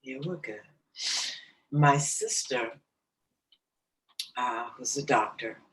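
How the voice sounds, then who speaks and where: A middle-aged woman, a jazz singer as guest, slowly and emotionally telling a personal story in an interview. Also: extremely low pitch, echoey room, far from the mic, rough recording. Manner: slow, soft, emotional recounting. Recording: voice slightly off-mic, faint background noise.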